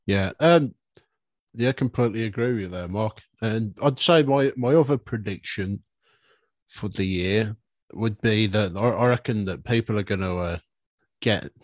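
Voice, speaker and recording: A man's voice: fairly low pitch, normal speed, no echo. Male podcast co-host; loose, jokey banter, trips over words; dry close mic. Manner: rambling, jokey, stumbles and repeats. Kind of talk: casual banter.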